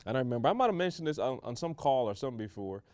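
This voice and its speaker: A man's voice: medium pitch, lively intonation, rapid-fire, darkish tone, no echo. A man from the Caribbean co-hosting a podcast, telling stories in casual chat with many "like"s. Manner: storytelling, restarts with "like". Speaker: podcast co-host.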